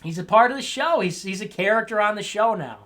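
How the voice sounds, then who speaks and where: A man's voice: high voice, animated, brisk, fairly bright tone. A man hosting a casual livestream show, reading viewer messages and answering with teasing, mock-scolding asides and rambling restarts.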